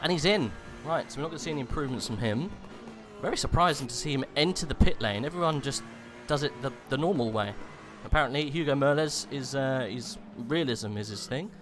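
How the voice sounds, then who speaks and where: A man's voice: medium pitch, expressive, a little fast. A man commentating an online sim race, chatty and playful, rambling with fillers as he calls positions and jokes with his co-host. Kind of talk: live race commentary with banter. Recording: music bed behind the voice.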